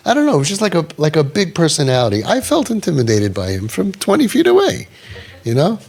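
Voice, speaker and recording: Gravelly-voiced man giving earnest advice. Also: a little high, fast. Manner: animated, repeats himself, acts out quoted people. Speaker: counselor leading a parents' group. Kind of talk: advice talk to parents.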